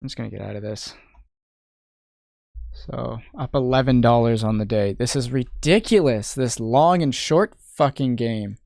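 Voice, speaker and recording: Young man, from Canada, casual live-stream talk, frustrated muttering, mid-pitched voice, dry close mic. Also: a little slow, creaky, darkish tone, dry recording. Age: young adult. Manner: frustrated muttering, thinking aloud, swearing. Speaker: day trader streaming live.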